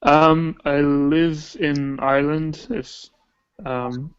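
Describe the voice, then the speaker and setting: A man's voice: a little high, steady tone, very slow, clear, resonant tone. A man born in England, a guest on a casual video call, hesitant with lots of ums. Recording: dull lo-fi call audio.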